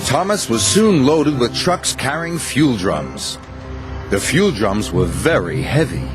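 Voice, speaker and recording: A man narrating a children's storybook in an expressive, sing-song way. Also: mid-range voice, slow, over music. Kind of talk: storybook reading.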